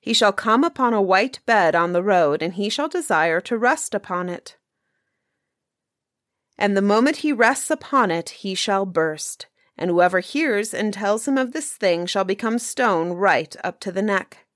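A woman's voice: mid-range voice, animated, a little slow, no room sound, clean studio sound, lightly acted. A woman reading the lines of a loyal male huntsman servant in earnest, formal old-fashioned speech.

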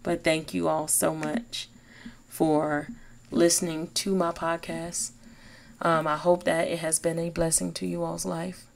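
Slow, gravelly-voiced woman preaching encouragement. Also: sits low, little pitch movement, slight background noise. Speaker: podcast host. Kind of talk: inspirational faith talk.

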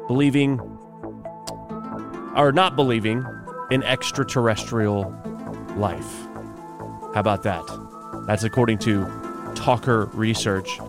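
A man hosting a morning radio show, chatting wryly through news items with offhand asides. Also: mid-range voice. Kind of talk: solo talk radio monologue.

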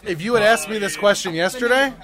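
High-voiced storytelling man amid bar chatter. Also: fast talker. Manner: animated storyteller, acts out voices. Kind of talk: casual banter. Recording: loud crowd chatter behind.

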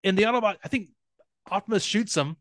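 High-voiced man animatedly retelling a cartoon. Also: fast talker, no room sound, clean studio sound. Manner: animated storytelling, acts out quotes, laughs often. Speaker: podcast co-host. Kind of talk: casual chat recapping a cartoon episode.

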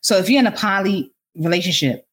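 A woman co-hosts a casual podcast chat, asking curious questions and dropping quick words of agreement. Her voice is a bit low and husky. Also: animated, a bit bright. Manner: affirming interjections and curious questions. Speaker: podcast co-host.

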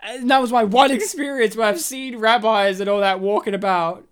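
A woman, co-hosting a podcast and telling a story in a lively, laughing way. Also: fairly high pitch, moderate pace, clear, resonant tone. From Australia. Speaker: podcast co-host. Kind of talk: casual chat, storytelling.

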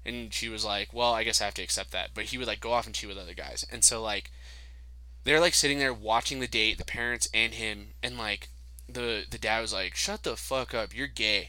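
Young adult male co-host, bright tone, swears freely, acts out quotes in chat. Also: fairly low pitch, steady tone, brisk, low-quality recording. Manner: profane storytelling, acts out quotes. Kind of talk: casual chat.

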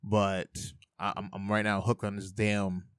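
A man's voice: on the low side, flat delivery, unhurried, fairly bright tone, smooth, dry recording, clean studio sound. A young man hosting a casual solo podcast, rambling and swearing as he talks to himself. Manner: rambling, profane, self-talking. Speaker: podcast host. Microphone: headphones with mic.

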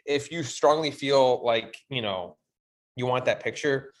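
A man's voice: medium pitch, measured pace. A man co-hosting a podcast, bantering casually with laughs and slang. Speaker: podcast co-host. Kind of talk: casual chat.

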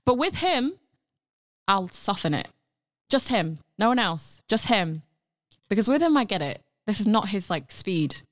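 A young woman, a guest on a casual talk show, telling stories with lively acted-out dialogue. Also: mid-range voice, measured pace, no echo, clean studio sound. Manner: animated storyteller, acts out quoted dialogue. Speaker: guest, actor. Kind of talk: casual podcast conversation.

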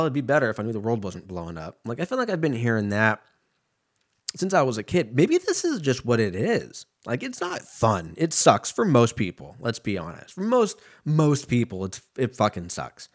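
A man hosting a podcast in a loose, unfiltered ramble, cursing casually and losing his train of thought. His voice is mid-pitched but very animated, swinging up and down as he riffs. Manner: loose, profane, jumps between tangents. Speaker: podcast host.

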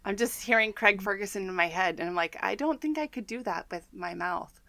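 A woman's voice: medium pitch, fairly quick, vocal fry, a loud crowd. A woman co-hosting a podcast in casual chat, talking chattily and enthusiastically with lots of fillers. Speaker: podcast co-host.

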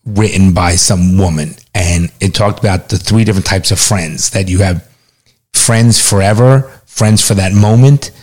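A middle-aged man co-hosting a casual chat, telling stories in a profane, animated way. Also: sits low, normal speed.

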